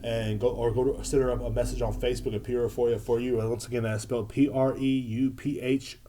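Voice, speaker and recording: A man's voice: medium pitch, little pitch movement, brisk, mellow. A man hosting a podcast, reading a sponsor message in a laid-back, slangy, profane way. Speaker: podcast host. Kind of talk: casual sponsor read.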